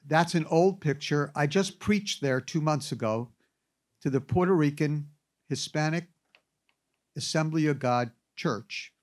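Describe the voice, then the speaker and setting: A man giving an anecdotal classroom lecture, telling stories with wry asides. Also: fairly high pitch. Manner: animated storyteller with wry asides.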